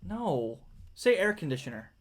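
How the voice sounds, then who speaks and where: A man co-hosting a podcast who argues with the others in casual banter and quickly pushes back. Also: a little high, sing-song. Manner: argumentative, quick to push back. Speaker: podcast co-host.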